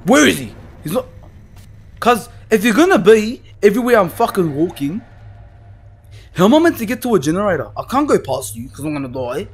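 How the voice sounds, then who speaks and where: A young man playing a horror game, swearing and panicking as he yells at the screen. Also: high voice, big pitch swings, fairly quick, breathy edge. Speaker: gaming YouTuber. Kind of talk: horror game let's play.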